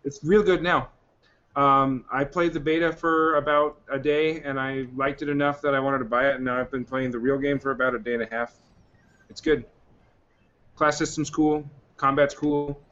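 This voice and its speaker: A man's voice: medium pitch, fairly even intonation, moderate pace, fairly bright tone. Rambling man on a lo-fi podcast. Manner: rambling, retells scenes. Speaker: podcast co-host. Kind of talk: casual movie podcast chat.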